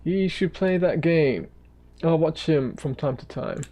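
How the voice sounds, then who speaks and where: A man's voice: a little high, a little slow, mellow, lo-fi sound. A man chatting casually and rambling while he sketches on a live stream. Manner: rambling, laid-back, trails off to mutter while sketching. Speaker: art streamer. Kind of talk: casual chat while drawing.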